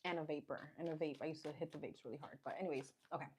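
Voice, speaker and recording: A woman doing a casual live tarot reading chats and thinks aloud as she names each card, speaking rapid-fire in a low voice with fairly even intonation. Background noise is clearly audible.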